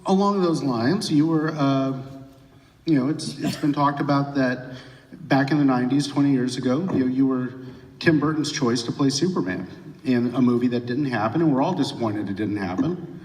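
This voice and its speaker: A man's voice: mid-range voice, normal speed, darkish tone. A man interviewing a guest on stage at a large venue, asking long questions with many fillers and restarts. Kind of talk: onstage interview. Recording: roomy hall, distant mic.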